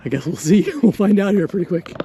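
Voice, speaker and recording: A man's voice: high-pitched, brisk. Breathless man vlogging on a trail. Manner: chatty, breathing hard while climbing. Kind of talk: casual vlog narration while hiking. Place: outdoors on a desert mountain trail. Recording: noisy outdoor recording.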